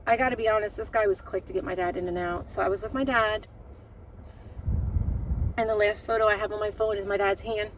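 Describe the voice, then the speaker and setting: A woman's voice: mid-range voice, little pitch movement, recorded from a distance, a little hiss or hum, low-quality recording. Woman telling a painful family story. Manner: emotional, halting, many restarts and fillers. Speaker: vlogger. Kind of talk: personal storytelling to camera.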